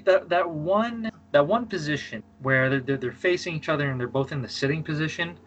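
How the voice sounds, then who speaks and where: A man's voice: fairly high pitch, brisk, a bit bright, lo-fi sound, a little hiss or hum. A man chatting casually about movies, rambling and stammering, laughing hard at his own jokes. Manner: giggly, rambling, self-deprecating. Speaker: podcast co-host.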